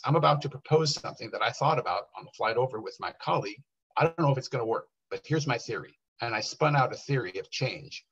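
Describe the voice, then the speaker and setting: Man, workshop speaker, storytelling, slightly husky, dull lo-fi sound. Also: medium pitch. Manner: animated, quotes people in lively bursts. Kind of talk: storytelling talk. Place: workshop room.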